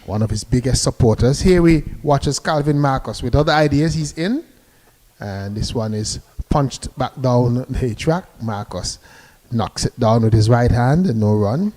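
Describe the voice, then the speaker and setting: He's a cricket commentator with a mellow, warm, mid-range voice, talking at a moderate pace. Expressive and easygoing, he describes the action and wishes listeners good morning between deliveries.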